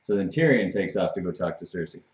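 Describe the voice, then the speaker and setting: A man with a very deep voice retells a TV episode in a loose, chatty way and slips into the characters' lines as he goes. The sound is dull and lo-fi, and the room echoes around him. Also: expressive, fast talker, a little mellow. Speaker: show co-host. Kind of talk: casual TV recap chat.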